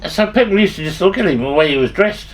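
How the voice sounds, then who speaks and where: A man's voice: high-pitched, expressive, quick pace. An older man with an Australian accent telling rambling, salty stories from his past, swearing freely and often restarting his sentences. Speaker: storyteller. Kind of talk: rambling anecdotal storytelling.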